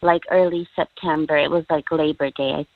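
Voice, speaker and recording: A woman's voice: sits low, steady tone, fairly quick, no echo. A woman in her fifties calling into a radio show, hesitant and full of ums and likes. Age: 50s. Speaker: caller. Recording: tinny dry phone line.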